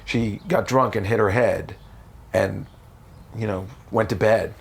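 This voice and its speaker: A man from the United States, a comedian telling stories in a casual interview, animated and profane. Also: measured pace, creaky. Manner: animated, profane, jumps into high voices for quotes. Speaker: comedian guest.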